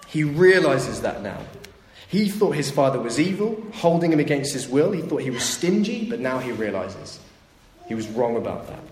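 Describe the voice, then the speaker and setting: A man's voice: mid-range voice, a little mellow, a little hiss or hum. A man delivers a sermon, retelling a parable and slipping into the voices of its people. His voice rings through a large, echoey hall with faint ambience behind it. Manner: storytelling, acts out voices of the story's characters. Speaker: preacher.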